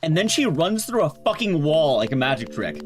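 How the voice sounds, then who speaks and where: A man streaming, recapping a film in a casual, sarcastic and animated way. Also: on the high side, moderate pace. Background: background music.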